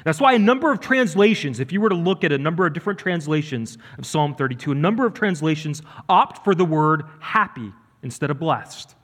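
A man's voice: fairly high pitch, expressive, a little fast, hardly any pauses, a bit bright. A man preaching a sermon as pastor, earnest and emphatic, building and dropping his delivery. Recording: reverberant church hall.

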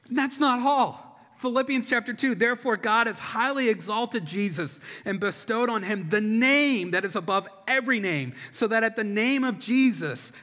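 A man's voice: sits high, sharp tone. A man preaching a sermon as a pastor, impassioned, with rhythmic repetition. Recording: long hall reverb.

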